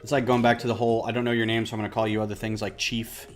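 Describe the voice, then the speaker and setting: A man's voice: fairly low pitch, flat delivery, rapid-fire, faint music behind. A man chatting casually on a livestream while he builds, rambling and self-deprecating. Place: home office.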